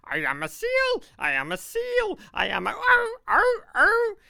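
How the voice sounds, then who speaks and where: A man voicing a jokey Scottish male footballer who squawks like a seal, in a rough put-on Scottish accent. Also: extremely high pitch, wildly swooping pitch, measured pace, sharp tone, no echo, studio quality, pitched above the performer's own voice, exaggerated voice. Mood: screeching. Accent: attempted Scottish. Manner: squawking, screeching.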